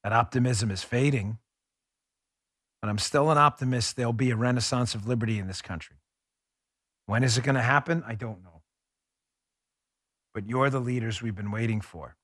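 A man's voice: mid-range voice, moderate pace, pauses often, a bit bright, no echo, studio quality. A man hosting a political podcast, delivering an angry, sarcastic commentary monologue with emphatic, repeated phrases. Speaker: podcast host.

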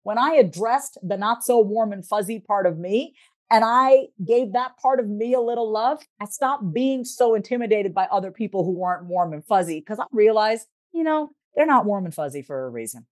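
A woman's voice: mid-range voice, expressive, normal speed, no room sound, clean studio sound. A woman guest on a podcast, a therapist and life coach, speaking in a direct, emphatic, motivational way. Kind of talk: podcast interview talk.

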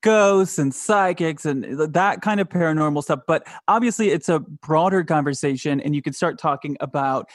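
A woman's voice: deep voice, no room sound, studio quality. Chatty woman podcast host. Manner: chatty, laughs easily, quick asides. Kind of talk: casual chat.

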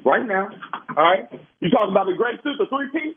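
A man's voice: high voice, expressive, fast, noisy background. A man in a heated phone argument, angry, profane and stammering as he confronts the caller. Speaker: prank call target. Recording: tinny phone line.

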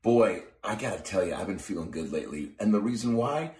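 A man's voice: animated, brisk, a little mellow, reverberant. A man, a comedian, doing a goofy improvised ad read for his podcast. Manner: goofy, self-interrupting pitchman.

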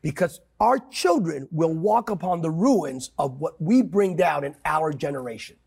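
A man's voice: animated, a little slow, creaky, a little mellow, slightly rough. A man preaching with passion in a talk-show conversation, emphatic and quoting scripture. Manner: emphatic, quotes scripture, swings pitch widely. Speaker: pastor guest.

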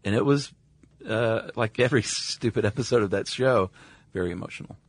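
A man's voice: fairly low pitch, fairly quick, dry recording. A man co-hosting a podcast, chatting in an easygoing way with short agreements and fillers. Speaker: podcast co-host. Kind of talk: casual chat.

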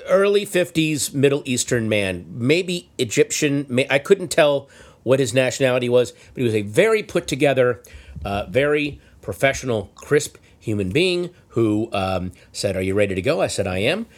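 Animated male storyteller. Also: mid-range voice, normal speed. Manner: animated storytelling, shouts out quoted lines. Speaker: storyteller guest. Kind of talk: comic anecdote in casual chat.

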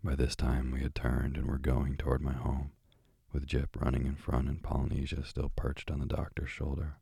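A man reading a children's story aloud, narrating in an even, unhurried way. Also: very deep voice, creaky, breathy edge, no room sound. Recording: dry, close recording.

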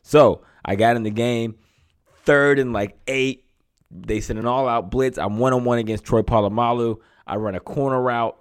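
A man in his thirties from Pennsylvania, co-hosting a sports podcast and telling stories in a casual, animated way. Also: medium pitch, moderate pace, clean tone, dry recording, studio quality. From Pennsylvania, USA. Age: 30s. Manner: animated storyteller, acts out quotes. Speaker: podcast co-host, former NFL receiver.

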